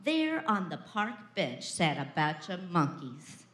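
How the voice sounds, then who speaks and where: A preschool teacher, a woman, reading a picture book aloud to children with expressive storytelling and dramatic pauses. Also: fairly low pitch. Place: preschool classroom. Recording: echoey classroom.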